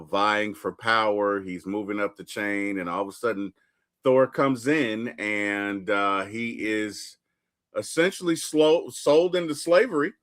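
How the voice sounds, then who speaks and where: A man hosting a casual movie recap, retelling scenes in an animated way and acting them out. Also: fairly low pitch, no room sound, studio quality. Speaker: podcast host.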